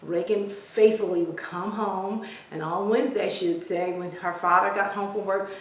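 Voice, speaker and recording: A woman's voice: mid-range voice, fairly even intonation, normal speed. Mom vlogger in her 40s chatting a story, lots of ums, echoey room, kinda far from the mic. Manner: chatty, warm storytelling with filler words. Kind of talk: casual storytelling to camera.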